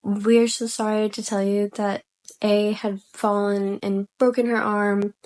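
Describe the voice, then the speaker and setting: A soft-spoken young woman voicing a polite, apologetic woman clerk on the phone, slow and formal. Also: medium pitch, flat delivery, natural voice.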